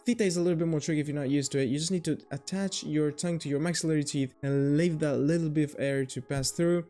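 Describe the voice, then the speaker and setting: A man's voice: fairly high pitch, fairly even intonation, fast, warm tone, faint music behind. A man giving a playful, jokey video lesson on his alphabet, swearing now and then. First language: Greek. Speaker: language teacher.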